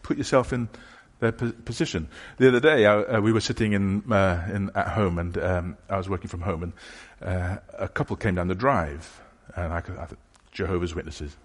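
A man preaching a sermon in a church hall. He talks in a conversational, halting way, restarting phrases and voicing imagined questions from passers-by. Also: low voice, fairly even intonation. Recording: long hall reverb.

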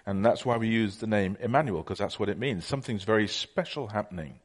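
A man's voice: fairly low pitch, a little fast. A middle-aged man preaching a conversational sermon, telling stories with many fillers.

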